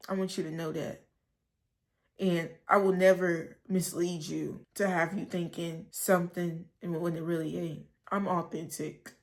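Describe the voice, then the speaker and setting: A young woman in her early twenties speaks straight to the camera, tearful and earnest. Her voice carries a gravelly rasp, and her advice comes out blunt and heartfelt, with the odd swear word. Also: fairly low pitch, flat delivery, unhurried. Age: young adult. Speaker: vlogger giving life advice. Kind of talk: heartfelt direct-to-camera talk.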